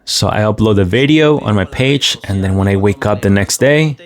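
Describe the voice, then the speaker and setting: A man's voice: on the low side, moderate pace. A man giving casual video commentary. He retells a story in the first person and breaks off for asides to the viewers. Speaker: commentator relaying a migrant's story.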